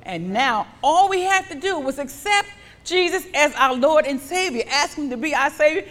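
Animated woman preacher, fairly high voice, long church reverb. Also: normal speed. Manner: animated, with call-and-response. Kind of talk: sermon.

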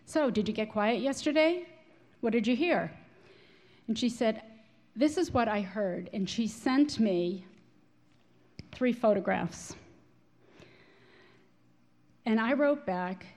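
A woman speaking to a Christian gathering, telling a prayer story in an animated, expressive way. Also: on the high side. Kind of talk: storytelling talk to an audience.

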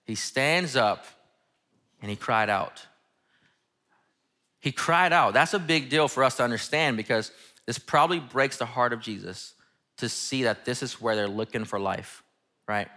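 A man giving a relaxed, slangy, enthusiastic sermon, reading scripture and explaining it to his church. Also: medium pitch, moderate pace. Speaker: pastor.

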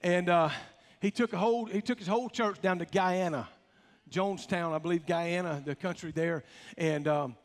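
A pastor with a high voice speaks at normal speed through a folksy, emphatic sermon, joking and calling out to his congregation. A large hall lends the recording a long reverb.

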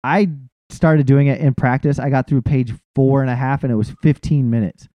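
A man's voice: medium pitch, fairly even intonation, normal speed, no room sound, highs cut off. A man hosting a podcast in casual chat, laid-back, swearing freely and restarting his sentences. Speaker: podcast host.

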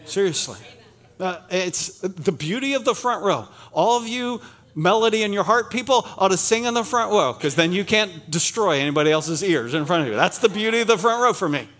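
A man's voice: sits high, lively intonation, a little fast, fairly bright tone. A middle-aged man from Pennsylvania preaching a sermon in a church, chatty and self-deprecating, joking with the congregation. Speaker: pastor. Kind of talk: sermon with humorous asides. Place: church sanctuary.

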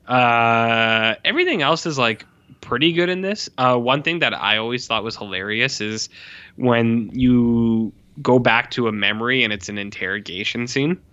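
On slightly dull lo-fi audio, a young male podcast co-host with a clear, resonant mid-range voice talks about movies at normal speed. He's casual and animated, occasionally swearing and squealing to imitate characters.

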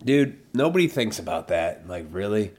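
Alone on his podcast, a man rants in a lowish, sing-song voice at a moderate pace, with a slightly mellow tone. He swears a lot and mockingly plays the imaginary opponents he argues against.

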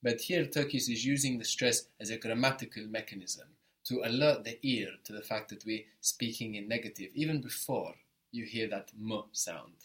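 Guy teaching a language class, patient and encouraging, walks you through it slowly. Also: lowish voice, fairly bright tone. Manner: patient, encouraging, explains step by step. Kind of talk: guided spoken language lesson.

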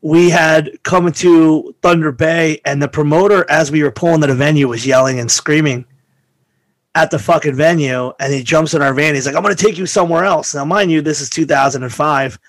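Casting: man with a slightly high voice, dry close mic, swearing as he tells tour stories in loose podcast chat. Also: moderate pace, dry recording. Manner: animated, profane, acts out quoted voices. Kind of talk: casual storytelling chat.

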